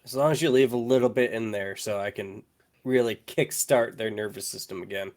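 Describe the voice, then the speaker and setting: A man playing a tabletop game, speaking in an unhurried way with laughter. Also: on the low side, a little mellow. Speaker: player. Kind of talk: tabletop role-play.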